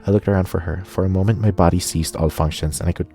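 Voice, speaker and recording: Low, mellow-toned male streamer narrating a game, soft music bed. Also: fast. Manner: steady narration, cursing asides. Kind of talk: reading a visual novel aloud.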